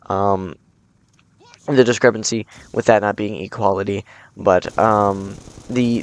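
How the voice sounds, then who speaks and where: A man with a somewhat low voice gives casual, earnest commentary straight to his audience. He often stumbles over words, repeats himself and fills pauses with uh and um. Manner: earnest, with frequent fillers and restarts. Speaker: video commentator.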